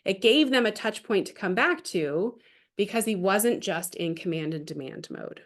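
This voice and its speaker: A woman's voice: mid-range voice, expressive, moderate pace. A woman giving an online parenting training over a video call, talking in a chatty way with frequent fillers and restarts. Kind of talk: online training talk with storytelling.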